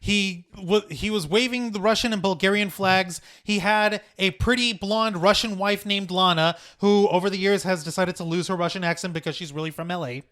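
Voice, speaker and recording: A sarcastic, lively man co-hosting a podcast in a loose, chatty way. His voice sits well up in pitch and has a bright, forceful edge. He swears freely as he talks. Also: normal speed, hardly any pauses. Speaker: podcast co-host. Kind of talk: casual chat.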